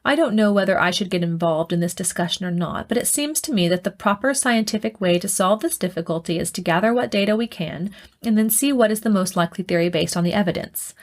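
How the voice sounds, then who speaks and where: A woman's voice: fairly low pitch, quick pace, darkish tone. A woman voicing a matter-of-fact male crew scientist in an audiobook.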